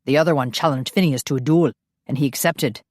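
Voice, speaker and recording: A woman voicing a male vampire fighter giving a brisk, matter-of-fact report. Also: very deep voice, a little mellow, dry recording, clean studio sound.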